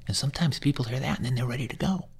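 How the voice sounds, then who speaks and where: A man's voice: medium pitch, rapid-fire, creaky, husky. A man who works as a hospice chaplain, telling stories in an interview in an earnest way, often stumbling and repeating his words. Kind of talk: conversational interview storytelling.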